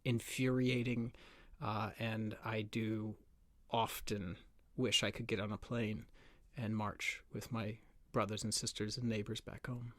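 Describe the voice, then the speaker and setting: A man's voice: on the low side, little pitch movement, unhurried, no room sound. An American man being interviewed over a video call, speaking thoughtfully with many restarts. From United States. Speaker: author guest.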